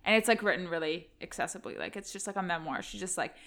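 A woman's voice: on the low side, lively intonation, fast, fairly bright tone. Chatty Canadian woman co-host. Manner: chatty, frequent "like" fillers. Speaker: podcast co-host. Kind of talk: casual chat.

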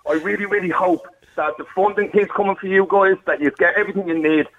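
A man's voice: high voice, steady tone, fast talker, slight background noise. A man calling a radio show on speakerphone, reading out a cheeky poem and joking with the host. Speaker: caller reciting a poem. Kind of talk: phone call, reading a poem aloud. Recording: tinny phone line on speakerphone.

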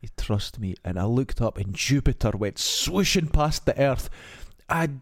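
A man's voice: medium pitch, measured pace, no room sound, studio quality. A Scottish man, a podcast co-host, telling a long anecdote in casual chat and acting out the voices of the people in it. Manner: animated anecdote teller who acts out quoted voices.

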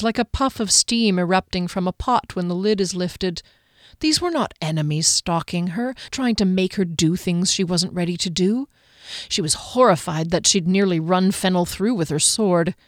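A woman narrating a fantasy story in a measured, expressive reading. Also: on the low side, dry recording, studio quality. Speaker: audiobook narrator.

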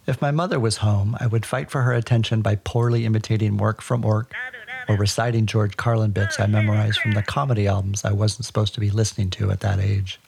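A man narrating a personal childhood story for a podcast in a wry, deadpan way. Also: fairly low pitch, a little fast, gravelly.

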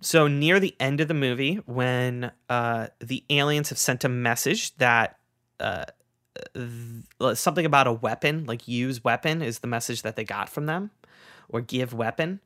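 A man's voice: medium pitch, unhurried, pushed and bright, no room sound, studio quality. A man co-hosting a podcast, telling stories in a loose, laughing way with many fillers. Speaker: podcast co-host. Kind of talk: casual chat.

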